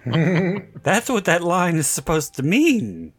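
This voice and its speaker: Slow-talking male podcast host, dry sound. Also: sits high, very animated, slightly rough, no echo. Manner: chatty storyteller, laughs often. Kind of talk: casual chat.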